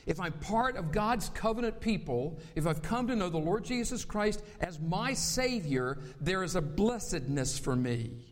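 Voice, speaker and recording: A man's voice: sits high, lively intonation, a little slow, hardly any pauses, in a large hall. A man from North Carolina with a faint Southern accent, preaching a sermon as pastor, stretching key words for emphasis.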